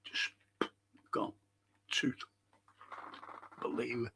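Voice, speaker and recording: Older host, gravelly and slow-spoken, dry close-miked sound, chatty live-stream banter with viewers. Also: male voice, on the high side, fairly bright tone, no echo. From Liverpool, England. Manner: chatty, greets viewers and reacts to chat comments. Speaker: livestream host and historian. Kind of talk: casual livestream chat.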